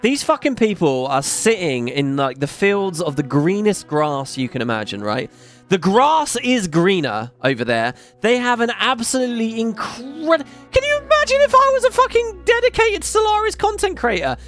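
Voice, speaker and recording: Guy streaming a game, ranting and cursing, bit high voice, faint music. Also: normal speed. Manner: ranting, profane, animated. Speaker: gaming streamer. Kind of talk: casual gameplay commentary.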